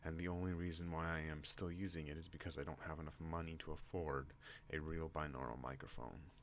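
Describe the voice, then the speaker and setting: A man hosting an ASMR channel, talking in a slow rambling way and drifting off on tangents. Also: slight background noise. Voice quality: deep relaxed voice. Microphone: non-binaural desk microphone.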